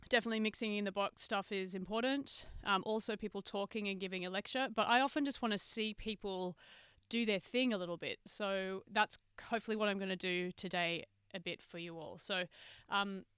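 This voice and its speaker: A woman teaches a live online masterclass from her studio, chatting loosely with viewers and filling pauses with ums and uhs. Her voice is smooth and clear, set at a middling pitch. The sound is dry and close, with little room around it. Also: fairly even intonation, a bit bright, dry recording. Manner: chatty, greets viewers by name, many fillers. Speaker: mixing engineer hosting a livestream masterclass. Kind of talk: casual livestream teaching. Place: studio with a mixing desk. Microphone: webcam and computer mic on a video stream.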